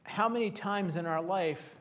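A man preaching a conversational sermon to a Bible study group, lively, with joking asides to his listeners. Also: high-pitched, a little slow.

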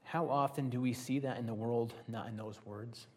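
A man preaching a conversational sermon to a Bible study group, lively, with joking asides to his listeners. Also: mid-range voice, normal speed.

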